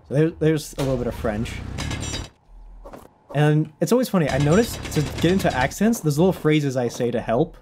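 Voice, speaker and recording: A man's voice: fairly high pitch, animated, moderate pace, dark tone. A young man chatting casually while live-streaming a game, rambling, restarting his sentences and laughing often.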